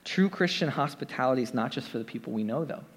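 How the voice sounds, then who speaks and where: Fast and expressive, a man's mid-range voice delivers a conversational sermon to his congregation. As pastor he wanders into asides and uses plenty of fillers, all captured with long hall reverb.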